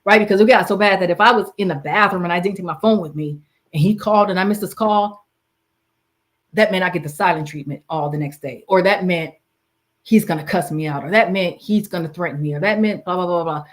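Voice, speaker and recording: A woman's voice: lowish voice, fairly quick. A woman casually telling a personal story, earnest and candid, often trailing off and restarting. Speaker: guest sharing her story.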